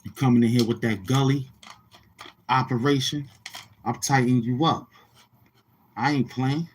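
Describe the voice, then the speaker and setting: A mid-range, steady-toned man talks at normal speed, with a little hiss or hum behind him. As a commentary vlogger, he rambles on his channel in repetitive, taunting street talk heavy with slang.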